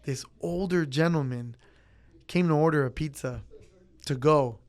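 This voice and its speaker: A young man who works at a pizza place talks casually in an interview, easygoing as he acts out his chats with customers. His voice is slightly high with a darkish tone, and he speaks at a measured pace.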